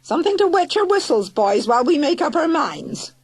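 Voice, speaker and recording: A woman reading a storybook, voicing a fierce, no-nonsense older aunt who scolds and shouts. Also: high-pitched, big pitch swings, takes it slowly, dry recording, voice pushed up, full character voice. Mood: coaxing.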